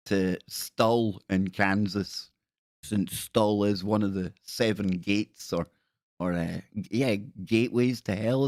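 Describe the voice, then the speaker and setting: A man's voice: lowish voice, a little mellow, dry recording, clean studio sound. A Glaswegian man from Scotland hosting a live stream, chatting in a jokey, rambling way and often breaking off mid-sentence. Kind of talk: casual live-stream chat.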